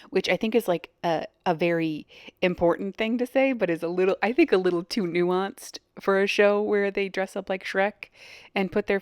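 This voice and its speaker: A woman's voice: on the low side, no echo, studio quality. A woman hosting a reaction video, giving blunt casual commentary with frequent hesitations. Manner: blunt, hesitant with many ums.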